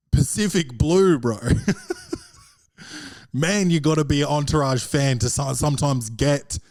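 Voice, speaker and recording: An Australian man with a fairly high voice rambles through a casual podcast monologue. He swears freely and keeps calling the listener "bro." The close mic sounds dry and tight. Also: darkish tone, no room sound. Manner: profane, rambling storyteller, slangy with repeated "bro". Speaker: podcast host and stand-up comedian.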